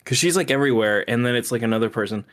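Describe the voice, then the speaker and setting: A man's voice: mid-range voice, racing, fairly bright tone. A young man co-hosting a podcast in casual chat. He laughs often and swears freely. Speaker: podcast co-host.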